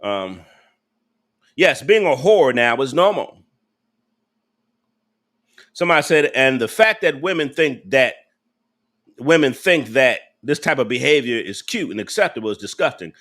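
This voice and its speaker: A man's voice: mid-range voice, lively intonation, measured pace, pauses often, a bit bright. A man hosting a live reaction stream, ranting in an angry, preachy and profane way. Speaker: host of a live reaction channel.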